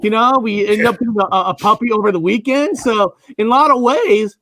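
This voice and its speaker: A man's voice: high voice, a little fast, fairly bright tone, no echo. A man from Washington state hosting a casual interview over a video call, talking loosely with lots of ums and uhs. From United States, Washington state. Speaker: online show host.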